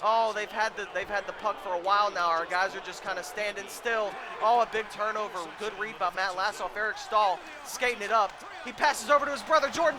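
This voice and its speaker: A man commentating his own video game, pleading with and yelling at the players in a frantic way, his voice starting to go hoarse. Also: high voice, fairly even intonation, fairly quick, few pauses, crowd noise, background noise. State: voice going hoarse. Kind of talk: excited let's-play commentary.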